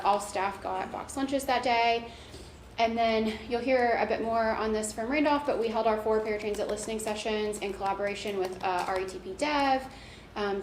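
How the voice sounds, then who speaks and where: A woman presenting a transit performance report at a board meeting, walking through slides. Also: a little high. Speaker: transit agency staff presenter. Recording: echoey room with background noise.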